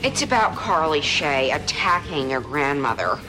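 A man's voice: on the high side, very animated, measured pace, over music. A young man playing a scheming, pompous young schemer in a sitcom, gloating and theatrical. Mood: sly. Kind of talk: sitcom acting.

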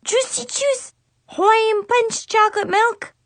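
A woman's voice: very high voice, fairly even intonation, slow, dry recording, pitched above the performer's own voice, exaggerated voice. A woman voicing a bossy six-year-old girl who plays a posh hairstylist with an awful fake French accent, grand and theatrical. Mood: grand, coaxing.

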